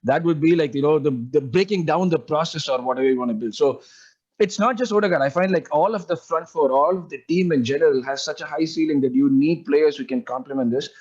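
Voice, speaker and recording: A man's voice: on the high side, fast talker, a little mellow, slightly rough, lo-fi sound. A man chatting casually as a podcast co-host, rambling through his points with lots of "like" and "you know". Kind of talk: casual fan podcast chat.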